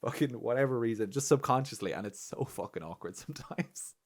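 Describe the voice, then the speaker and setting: A young Irish man co-hosting a casual podcast, telling stories with lots of swearing, laughter and loud acted-out quotes. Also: medium pitch, fairly quick. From Ireland. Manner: animated, swearing, laughs often, acts out quotes loudly. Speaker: podcast co-host.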